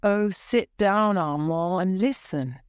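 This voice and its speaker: Woman reading a tired opera director man, placating, slow and clear, dry close sound. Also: mid-range voice, no echo, pitched above the performer's own voice, lightly acted. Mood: weary. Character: weary calm male opera director.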